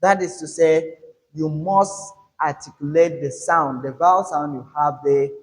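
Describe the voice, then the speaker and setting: A man teaching English word stress, speaking slowly and deliberately. His voice sits a little high for a man, and he says each example word on its own with clear emphasis. It sounds like a patient classroom lesson. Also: steady tone, poor audio. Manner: emphatic, drills words aloud one by one. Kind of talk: slow, deliberate pronunciation lesson.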